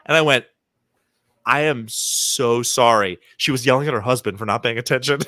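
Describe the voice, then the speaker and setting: A podcast co-host chats casually and tells stories, animatedly acting out the people he quotes. His mid-range voice is fairly quick, recorded in clean studio sound with no room sound.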